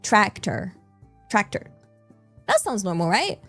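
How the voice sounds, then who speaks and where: A woman's voice: high-pitched, very animated, a little slow, a bit bright, no echo, faint music behind. A playful, giggly woman with a West Country English accent, chatting casually with her live-stream audience. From England. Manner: playful, giggly, thanks chat in Japanese.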